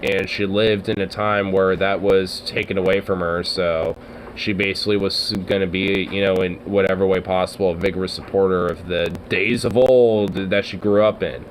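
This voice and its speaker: A man chatting casually as a streamer, rambling, swearing often and getting excited, with lots of fillers. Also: low-pitched, moderate pace, slight background noise, low-quality recording. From Oregon, US. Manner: profane, excitable, trailing off with fillers.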